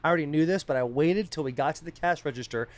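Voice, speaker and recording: A man co-hosting a podcast, telling a story in casual, animated chat and swearing freely. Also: fairly high pitch, fast. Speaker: podcast co-host.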